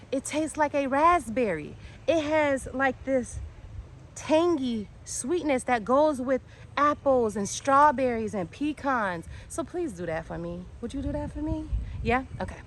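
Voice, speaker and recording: A woman giving a casual walk-and-talk tour of her backyard garden. She talks in an excitable, chatty way and drifts off topic easily. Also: high-pitched. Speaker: home gardener and channel host. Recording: outdoor noise with birds and passing traffic.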